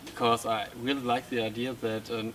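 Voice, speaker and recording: A man's voice: mid-range voice, flat delivery, fairly quick, crowd noise. Hesitant German man asking questions. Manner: hesitant, lots of ums. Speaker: interviewer. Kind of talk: interview questions. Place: book fair. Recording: noisy book fair.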